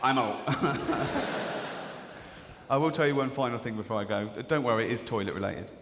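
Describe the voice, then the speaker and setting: A stand-up comedian with a mid-range voice performs live on a large theatre stage at a moderate pace, chatting and telling stories while slipping into the voices of people in his anecdotes. The noisy recording has live hall reverb and faint audience ambience.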